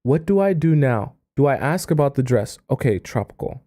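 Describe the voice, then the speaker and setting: A man's voice: mid-range voice, very animated, moderate pace, warm tone. A man hosting a dating-advice live stream, reading viewer messages aloud and reacting with exasperated asides.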